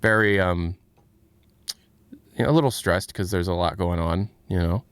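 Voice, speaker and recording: A man's voice: sits low, moderate pace, clear, resonant tone, no room sound. An American man hosting a livestream, talking casually and frankly, often restarting his sentences. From United States. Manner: rambling, self-interrupting, frank. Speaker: livestream host.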